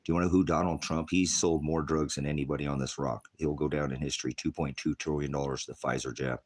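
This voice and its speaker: A man's voice: a bass voice, fairly even intonation, quick pace, a little mellow. A retired male pastor preaching in a rambling, combative rant that jumps from topic to topic. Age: older.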